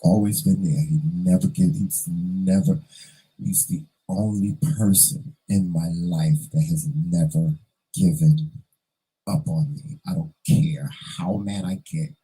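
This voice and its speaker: Guy vlogging his own story, really breathy and husky, low mellow voice, earnest and emotional, repeats himself to stress things. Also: steady tone, takes it slowly, soft background music, poor audio. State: fighting back tears. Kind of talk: personal storytelling vlog.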